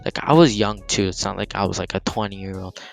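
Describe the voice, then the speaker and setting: A teenage guy telling a story in a casual vlog, animated and heated, swearing freely and filling with "like". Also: deep voice, brisk, vocal fry, soft background music. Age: teens. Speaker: gaming channel storyteller.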